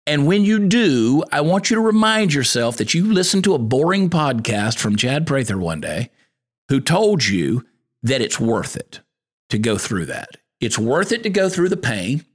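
A man's voice: mid-range voice, very animated, normal speed. A man hosting a podcast, talking in a folksy, preacherly monologue that mixes scripture with encouragement. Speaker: podcast host.

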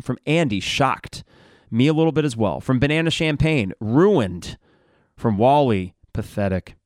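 A man's voice: mid-range voice, dry recording, clean studio sound. A middle-aged man hosting a sports podcast, casually reading listener replies aloud with wry asides. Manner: wry, conversational, reads out comments one after another.

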